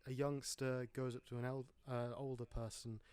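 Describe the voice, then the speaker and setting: A man's voice: medium pitch, flat delivery, normal speed, a little mellow, smooth, no echo. Chatty man on a podcast. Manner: chatty, rambling, wry jokes. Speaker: podcast host. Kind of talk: casual film podcast chat.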